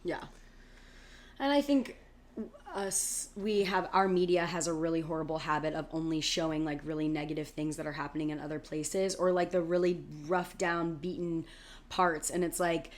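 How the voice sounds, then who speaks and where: An American woman with a fairly low voice co-hosting a casual podcast. She tells stories with lots of energy, leans on "like" as a filler, and swears freely. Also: moderate pace. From United States. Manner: animated storytelling, many "like" fillers, swears casually. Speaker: podcast co-host. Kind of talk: casual chat.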